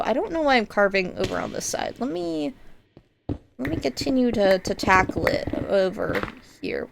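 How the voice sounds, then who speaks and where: Playing a block-building game, this woman streamer talks in a mid-range voice with vocal fry, rambling through casual chat full of fillers and frequent giggles. You can hear noise in the background.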